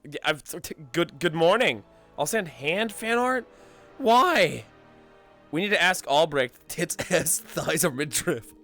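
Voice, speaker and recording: A man streaming a roleplay game, joking crudely and loudly in casual banter with a hoarse voice. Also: on the high side, animated, unhurried, soft background music.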